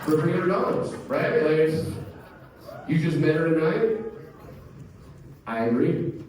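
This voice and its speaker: Crude rambling comedian in an echoey club. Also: male voice, on the high side, lively intonation, takes it slowly, recorded from a distance, background noise. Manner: loose, crude, rambling with many "like"s. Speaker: stand-up comedian. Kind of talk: stand-up comedy set.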